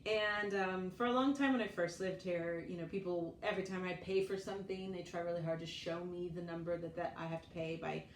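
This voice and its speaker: A lower-voiced woman in her forties tells stories in a loose, chatty way, often laughing and acting out other people's lines. She is recorded from a few feet off in a room with plenty of echo and a faint hiss of noise. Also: fairly even intonation, a little fast, hardly any pauses. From United States. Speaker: vlogger. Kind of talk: casual storytelling chat. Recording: echoey room, mic at a distance, faint noise.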